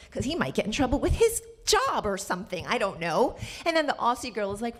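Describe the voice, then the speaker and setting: At a live storytelling show, a woman from the Bronx, New York, animatedly tells a personal story, her pitch jumping sharply upward whenever she quotes someone. Her voice is gravelly, and she keeps a moderate pace with few pauses.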